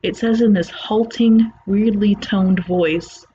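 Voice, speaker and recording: A storyteller reads a creepy first-person tale aloud, keeping a plain, conversational tone. The voice sits at a middle pitch. The home recording sounds slightly muffled, with a faint hiss underneath. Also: fairly even intonation, slow, few pauses, dark tone. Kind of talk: reading a horror story aloud.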